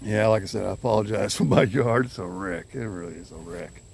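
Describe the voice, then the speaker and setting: A man's voice: on the low side, a little fast, vocal fry, a little mellow, a little hiss or hum. An older man, vlogging casually to his phone camera outdoors in his yard. He rambles in an easygoing way and chuckles often. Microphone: handheld phone camera.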